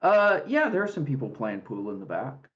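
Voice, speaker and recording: A man narrating as game master for a tabletop game, relaxed and halting with many fillers. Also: medium pitch, lo-fi sound.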